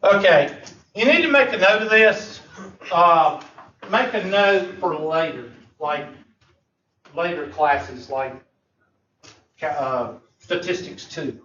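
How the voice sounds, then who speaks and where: High-voiced guy teaching math, jokey, far off in an echoey classroom. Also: slow pace, pauses often, a bit bright, slight background noise. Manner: joking, folksy, drawled Southern phrasing. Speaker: math instructor. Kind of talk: classroom lecture. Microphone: far room mic. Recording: echoey, distant, muffled classroom recording.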